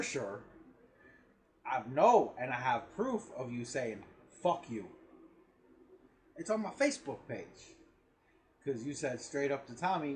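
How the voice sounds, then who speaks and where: A man's voice: medium pitch, darkish tone, poor audio. A man co-hosting a podcast, ribbing his friend in casual banter and laughing as he teases. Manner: teasing, laughs while ribbing. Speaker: podcast co-host.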